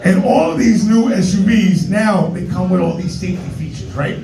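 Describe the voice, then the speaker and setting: A man's voice: high-pitched, normal speed, dark tone, reverberant, distant mic, rough recording. A man from New York doing a brash, profane stand-up routine full of street slang and put-on voices. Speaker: stand-up comedian. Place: comedy club stage.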